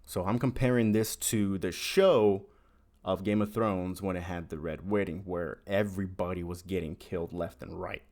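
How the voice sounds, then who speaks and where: A man's voice: sits low, fairly even intonation, normal speed, a little mellow. A man casually reviewing a book on his channel, rambling with frequent restarts and filler words.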